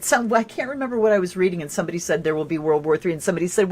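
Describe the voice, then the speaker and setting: A woman doing a casual tarot and astrology reading, chatty and rambling, with sudden bursts of excitement. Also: lowish voice, very fast, few pauses.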